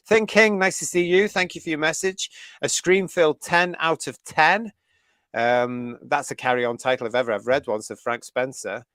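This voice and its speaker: A British man with a mid-range, fairly bright voice hosts a fan review livestream, reading viewer comments in a chatty, enthusiastic way and laughing often. The sound is clean studio quality with no room sound.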